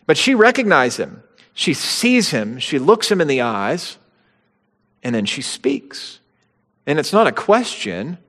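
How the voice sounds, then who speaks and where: A man's voice: on the high side, big pitch swings, a little slow, a bit bright. Man preaching in a reverberant hall. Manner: conversational teaching with bursts of dramatic quotation. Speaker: pastor. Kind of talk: sermon.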